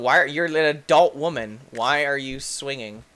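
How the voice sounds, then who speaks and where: A young man giving excitable let's-play commentary as a gaming YouTuber, yelping and shrieking when things go wrong. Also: medium pitch, moderate pace. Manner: excitable, yelps and shrieks at in-game deaths.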